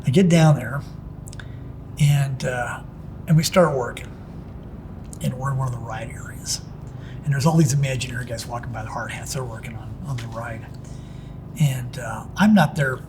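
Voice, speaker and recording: Middle-aged guy, normal-pitched voice, rambling through stories, faint hum behind. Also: moderate pace, pauses often. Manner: rambling anecdotes with restarts and "it's like". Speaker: pinstriping artist telling his story. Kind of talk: casual storytelling interview.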